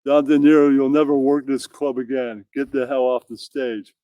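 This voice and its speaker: A man's voice: medium pitch, flat delivery, moderate pace, warm tone, highs cut off, a little hiss or hum, lightly acted. A man voicing an angry young male club owner's son who barks at a comic. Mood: furious.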